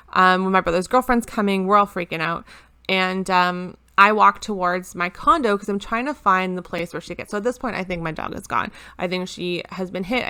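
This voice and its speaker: A woman's voice: lowish voice, bright, forceful tone, smooth. A woman chatting to camera at home in a casual planner vlog, rambling with frequent ums and restarts. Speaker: planner vlogger.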